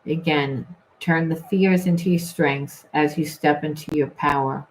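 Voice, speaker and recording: Low-voiced woman giving a spiritual reading. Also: steady tone, a little slow, a little hiss or hum, rough recording. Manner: rambling, emphatic, with many restarts. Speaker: tarot reader.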